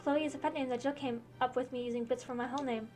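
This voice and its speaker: A woman reading a gentle, formal young princess. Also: high-pitched, steady tone, fast talker, soft background music, close to an everyday voice. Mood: earnest. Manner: soft-spoken, formal.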